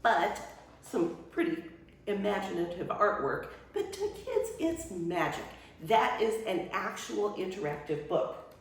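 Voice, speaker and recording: A woman's voice: mid-range voice, a little slow, slight background noise. An older woman, a retired children's librarian, demonstrating how to read aloud to kids in a workshop, with playful exclamations. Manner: animated storytime voice, big swoops and playful exclamations. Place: workshop room. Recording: echoey room, voice from far off.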